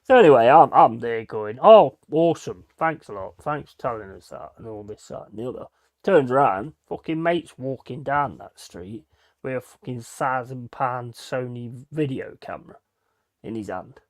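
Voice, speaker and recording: A man's voice: medium pitch, expressive, moderate pace. Swearing man telling stories. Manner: swears freely, acts out quoted voices. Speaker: host. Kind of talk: casual storytelling on a live stream.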